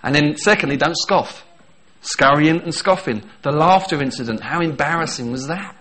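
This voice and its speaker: A man preaching a sermon, animated, acting out little quoted voices and laughing often as he talks. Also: fairly high pitch, normal speed.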